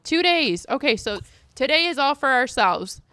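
A woman's voice: high voice, big pitch swings, moderate pace, pushed and bright, no echo, clean studio sound. A woman giving casual, chatty gameplay commentary as a streamer, exasperated and swearing lightly. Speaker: gaming streamer.

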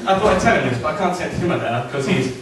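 A young man performing a stand-up routine with jittery, deadpan delivery, recorded by a distant camera in a room with an audience. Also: fairly high pitch, crowd noise. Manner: jittery, quick asides, deadpan punchlines. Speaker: stand-up comedian. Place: club or function room with audience. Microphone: distant camera mic. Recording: echoey room from far off. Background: audience laughter.

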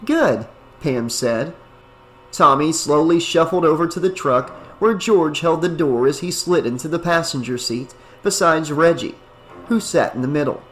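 A man narrating a novel in a steady, even reading voice. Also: fairly high pitch, normal speed, faint music behind. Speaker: audiobook narrator. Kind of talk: scripted narration.

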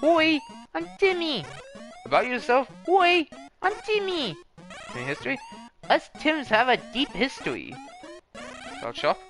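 Hyper cute game creature shopkeeper, squeaky broken baby-talk, lively, put on by a man. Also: measured pace, long pauses, soft background music, exaggerated voice. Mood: excited.

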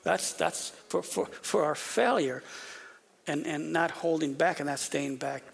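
A pastor preaching an animated sermon, often repeating words and dropping to a whisper for emphasis. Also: male voice, fairly high pitch, a little slow, vocal fry, breathy edge. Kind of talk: expository sermon.

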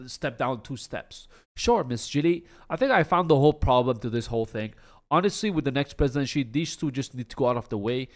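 A young man vlogging comedic political commentary in a mocking, sarcastic way. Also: mid-range voice.

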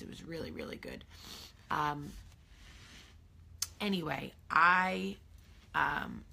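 A woman in her thirties chats to her audience on a morning live stream. Her voice sits low yet sounds bright and forward. She rambles easily, with plenty of fillers. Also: creaky. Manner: chatty, rambling with many fillers. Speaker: host.

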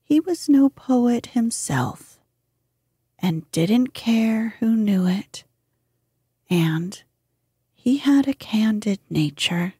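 A woman reading a bedtime story in whispered role-play, with a soft, breathy whisper and a gentle, lulling manner, close to the mic. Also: fairly high pitch, lively intonation, drawn-out words, pauses often, no room sound. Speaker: sleep story reader.

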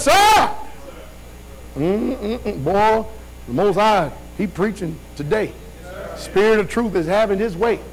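A man's voice: high-pitched, slight background noise, rough recording. A male preacher giving a fervent sermon, reading scripture with rhythmic call-and-response asides.

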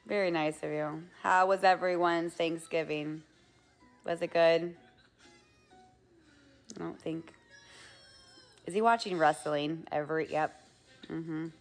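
A woman hosting a relaxed livestream from home, answering viewer comments in an easy, unhurried way. She laughs often, and faint music plays underneath. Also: low-pitched. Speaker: livestream host. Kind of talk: casual livestream chat with viewers. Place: home with a loud TV nearby.

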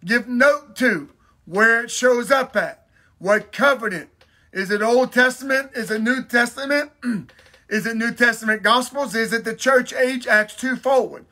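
A man teaching a Bible lesson in a sermon style, emphatic, repeating key phrases and slowing down to stress them. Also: extremely high pitch, pushed and bright. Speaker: pastor teaching a Bible study.

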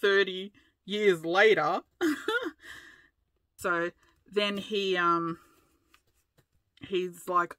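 Crafting vlog host: Australian woman, fifties, bright and breezy, rambling storyteller. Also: mid-range voice, sing-song, drawn-out words, pauses often, dry recording. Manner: rambling, chatty, often laughing.

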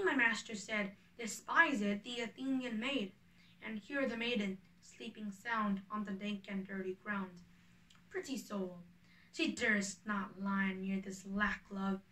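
A woman's voice: medium pitch, bright, forceful tone, far from the mic, rough recording. A woman reading the part of a mischievous male forest sprite aloud from a play, speaking a little away from the microphone. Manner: reads every part in turn.

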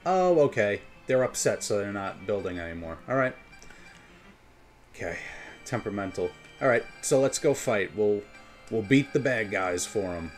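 A man's voice: lowish voice, lively intonation, normal speed. A man from New York with a New York accent, chatting casually as a game streamer and rambling between topics. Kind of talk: casual gameplay commentary. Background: faint game music.

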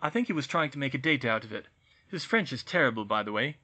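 A man voicing an anxious teenage boy wizard in an audiobook reading, hurried and worried. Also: mid-range voice, expressive, bright, forceful tone, breathy edge. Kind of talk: audiobook reading of fan fiction.

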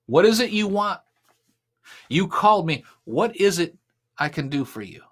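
A man voicing a calm teacher who asks gently and quietly what he can do. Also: full character voice. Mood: gentle. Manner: quiet, low, measured. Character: calm, kind male teacher speaking gently.

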